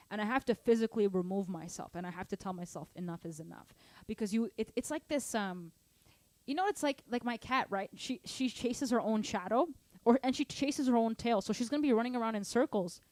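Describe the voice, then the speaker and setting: A woman's voice: on the high side, a little fast, a little mellow, dry recording. A woman teaching drums in a casual online lesson, chatty and playful, singing patterns aloud. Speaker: drum teacher answering student questions. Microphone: studio microphone at drum kit.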